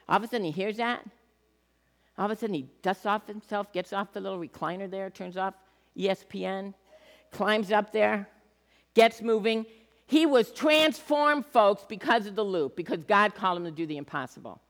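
A woman preaches a lively sermon, leaning hard into the words and then dropping almost to a murmur. She acts out the voices of people she quotes. Her voice carries a long reverb, as if filling a big hall. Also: medium pitch, measured pace.

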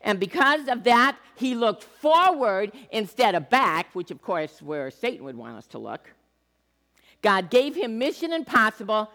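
A woman preaches a lively sermon, leaning hard into the words and then dropping almost to a murmur. She acts out the voices of people she quotes. Her voice carries a long reverb, as if filling a big hall. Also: on the high side, measured pace.

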